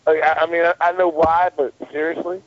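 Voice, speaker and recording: A man's voice: a little high, flat delivery, moderate pace. A man in casual comedy podcast banter, stammering and exasperated, trying to tone down his language. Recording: dull lo-fi podcast audio.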